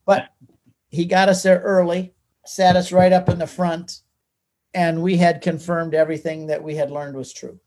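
An older man, a guest author, telling his personal story in an animated, emotional way. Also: fairly high pitch, moderate pace. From United States.

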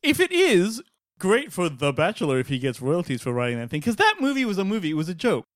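A man's voice: high voice, quick pace, dry recording, studio quality. A man co-hosting a podcast, ranting in casual chat and swearing freely. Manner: animated, swearing, acts out quotes in mocking voices. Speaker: podcast co-host.

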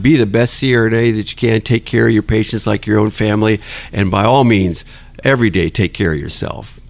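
A man with a low, gravelly voice talks in a casual, folksy way as a podcast guest. He hands out friendly career advice between chuckles. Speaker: podcast guest, nurse anesthetist. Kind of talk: casual interview chat.

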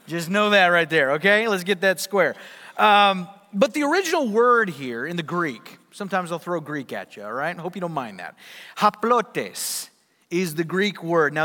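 Emphatic male pastor in an echoing hall. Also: high voice. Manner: emphatic, rhetorical questions, big swings in loudness. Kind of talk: sermon.

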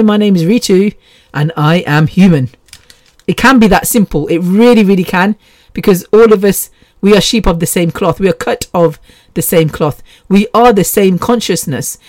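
A chatty middle-aged British woman talking through a casual solo podcast, quick to laugh and freely swearing. Her voice sits at an ordinary middle pitch and is recorded close, with a dry, dead-sounding room. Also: darkish tone, dry recording. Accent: British English. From England. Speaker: podcast host.

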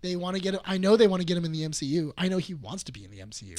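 A man co-hosting a casual podcast chat, excitable and often restarting his sentences. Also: high voice, racing, no echo, clean studio sound. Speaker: podcast co-host.

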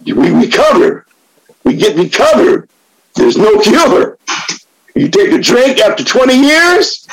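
A man's voice: high voice, low-quality recording. A middle-aged man sharing his story at a recovery meeting, blunt and profane, turning impassioned and preachy. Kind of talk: spoken share.

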